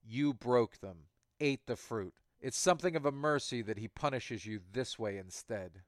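A man's voice: mid-range voice, animated, normal speed, dry recording, close to an everyday voice. A man voicing a cold, contemptuous male hacker villain who lectures dismissively.

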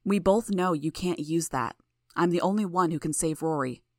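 A woman's voice: lowish voice, normal speed, dry recording, studio quality, natural voice. A woman voicing a desperate man in his sixties, a mayor and father who pleads and then roars threats. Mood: furious. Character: desperate sixty-ish male mayor, a father.

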